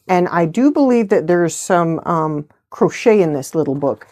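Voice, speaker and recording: A woman's voice: on the low side, unhurried, hardly any pauses, a little mellow. A middle-aged woman hosting a crafting vlog, chatting in a rambling, good-humored way. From United States. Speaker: host of a knitting channel. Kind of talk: casual chat.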